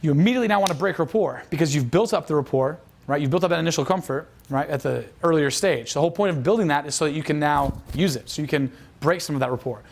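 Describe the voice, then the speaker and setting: A man delivers a quick, rambling lesson as a dating coach. His voice sits a little high, and he often restarts his sentences and acts out quoted lines. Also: a little hiss or hum. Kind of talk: instructional talk.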